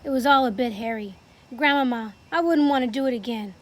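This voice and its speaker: A woman voicing an excited small boy turned into a mouse, talking eagerly. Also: on the high side, a little fast, close to an everyday voice. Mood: chatty.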